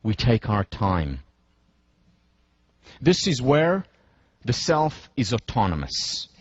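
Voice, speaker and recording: A man lecturing in a deliberate, emphatic way, slowing down to stress key points and leading listeners through scenarios step by step. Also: medium pitch, very animated, husky, dry recording. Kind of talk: university lecture.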